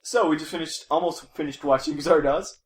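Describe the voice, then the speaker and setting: A man's voice: on the high side, a little fast. A man co-hosting a casual movie review podcast, laid-back and teasing. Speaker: podcast co-host.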